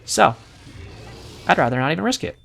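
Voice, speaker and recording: A man's voice: on the high side, big pitch swings, moderate pace, vocal fry, a bit bright, faint music behind. A man giving casual, profane, sarcastic commentary while he plays a video game. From United States. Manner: brash, profane, sarcastic banter. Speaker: gameplay commentator.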